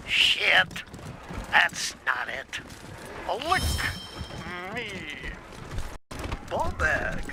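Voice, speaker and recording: A man putting on a slow taunter. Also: high voice, noisy background, heavily acted. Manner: slow, mocking insults.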